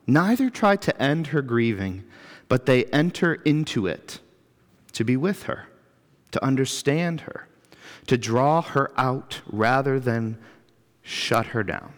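A man's voice: mid-range voice, animated, takes it slowly. A man preaching a sermon as pastor in a church, reflective and earnest, building emphasis through lists. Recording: long reverb of a church hall.

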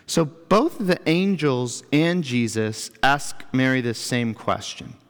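Male pastor, unhurried, earnest sermon, reverberant sanctuary. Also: mid-range voice, lively intonation, smooth. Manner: reflective, earnest, builds emphasis through lists. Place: church. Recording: long reverb of a church hall.

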